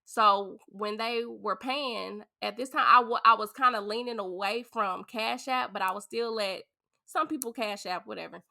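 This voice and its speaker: Gravelly, bright-toned woman telling a story. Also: medium pitch, moderate pace. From St. Louis, USA. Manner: animated, chatty storytelling. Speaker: podcast guest, beauty business owner. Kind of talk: casual storytelling.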